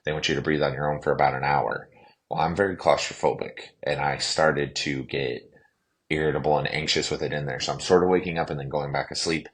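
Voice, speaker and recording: A man, a clinician guest on a podcast, telling a personal story in a casual, animated way, with plenty of "like" and "you know". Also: extremely low pitch, a little fast.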